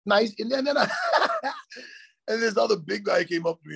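Animated gravelly-voiced man co-host. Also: high-pitched, fast. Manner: animated, swearing, storytelling. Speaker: podcast co-host. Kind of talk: casual chat. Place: hotel room.

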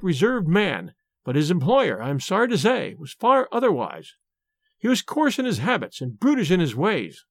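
Agitated middle-aged landlady, played by a male reader; high, swooping, dry audiobook sound. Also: no echo. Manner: anxious, earnest pleading. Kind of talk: audiobook reading.

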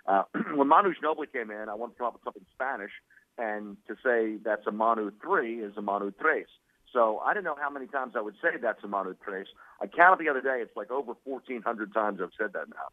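Fast-talking man on a tinny phone line. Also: mid-range voice, animated, dry recording. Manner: chatty, quick, lots of fillers and laughs. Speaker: team radio play-by-play broadcaster, guest. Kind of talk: phone interview on sports radio.

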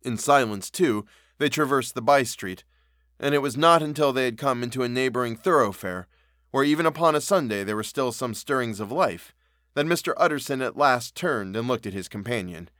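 A man narrates a classic story for a podcast in a measured, steady reading. His voice sits at a middling pitch, recorded close and dry with no room sound. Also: dry recording. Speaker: podcast reader.

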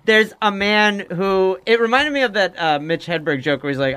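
A man's voice: high-pitched, moderate pace, hardly any pauses, pushed and bright, clean tone. A man in casual chat, talking in a wry, rambling way and trailing off mid-sentence.

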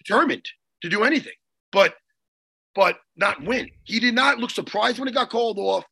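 A middle-aged man, co-hosting an excited, rambling casual chat full of jokes. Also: sits high, normal speed, vocal fry, husky. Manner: animated, rambling, jokey. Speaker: co-host, jiu-jitsu coach.

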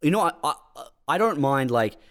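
A man chats in a relaxed, comedic back-and-forth, often stumbling and restarting. His mid-range voice swings with lively intonation. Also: fairly high pitch, normal speed. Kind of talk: casual comedic chat.

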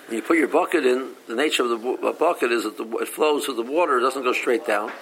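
A man leads a casual Talmud class. His voice has a gravelly edge, and he reads each line before explaining it plainly, often stopping to restart a phrase. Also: medium pitch, fast talker, fairly bright tone, slight background noise, low-quality recording. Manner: reads Aramaic text then explains in English, with frequent restarts. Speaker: Talmud teacher.

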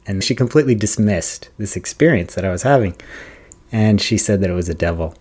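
Male podcast host, lowish voice, relaxed and rambling. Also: a little fast, slightly rough. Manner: relaxed, rambling, with filler words. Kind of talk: casual interview chat.

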